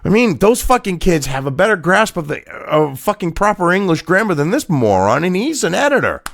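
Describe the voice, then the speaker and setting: A man's voice: high voice, sing-song, fairly quick, creaky, fairly bright tone, dry recording, clean studio sound. A man, hosting a profane rant reacting to a news article, angry and mocking and swearing constantly. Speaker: political commentary host.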